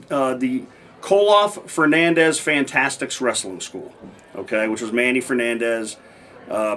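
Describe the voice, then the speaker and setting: A man's voice: mid-range voice, a bit bright. Rambling man telling wrestling stories. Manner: rambling, many restarts, acts out quoted dialogue. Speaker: interview guest, former pro wrestler. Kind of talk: casual storytelling interview.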